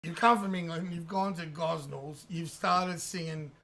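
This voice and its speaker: A man hosting a casual chat, chatty and teasing, with a gravelly voice. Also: a little high, steady tone, a little slow, pushed and bright. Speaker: host.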